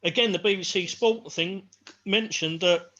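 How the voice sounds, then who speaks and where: Bright high-voiced man on lo-fi audio. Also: normal speed. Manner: chatty, reads out posts. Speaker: panelist reading forum posts. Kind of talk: live match chat. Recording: lo-fi home audio.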